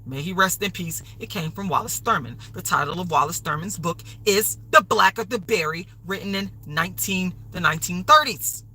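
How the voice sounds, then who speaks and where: A woman's voice: fairly low pitch, moderate pace, few pauses, sharp tone, husky, rough recording. A woman hosting a livestream, delivering an angry, profane, repetitive rant. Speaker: livestream host.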